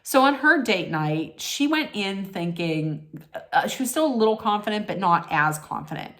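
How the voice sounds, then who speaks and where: A woman's voice: mid-range voice, lively intonation, moderate pace, a bit bright. A woman ranting casually in a vlog recap, blunt and emphatic, cursing freely and using plenty of fillers. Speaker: vlogger recapping a reality show. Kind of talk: casual rant.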